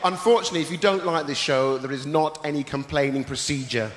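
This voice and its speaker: A man hosting a live stand-up show, with a punchy, theatrical delivery and shouted greetings to the crowd. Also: a little high, fast talker. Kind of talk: stand-up comedy set. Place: large theatre stage before a live audience. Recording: roomy theatre reverb, loud audience noise.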